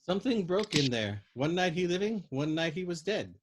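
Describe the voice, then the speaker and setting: A man's voice: a little high, very animated, moderate pace, noisy background, voice pushed up. A mournful old woman with a lifted, keening voice, put on by a male reader. She wails and repeats herself, full of lament, in a read-aloud story. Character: grieving old woman, wailing and repetitive.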